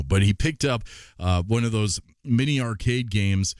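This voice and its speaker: A man's voice: lowish voice, a little slow, a little mellow, no echo, clean studio sound. A man in his thirties hosting a radio show, telling a family story in a chatty, self-deprecating way with many fillers. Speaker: radio host. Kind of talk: casual on-air storytelling.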